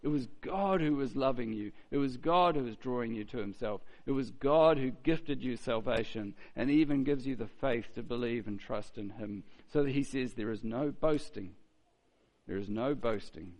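A man's voice: medium pitch, normal speed, a little mellow. A man preaching a sermon in a conversational way, with rhetorical questions and mocking quotes.

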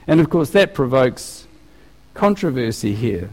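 A man preaching a sermon in an animated, conversational way, often restarting his sentences. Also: mid-range voice, unhurried. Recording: long reverb of a large hall.

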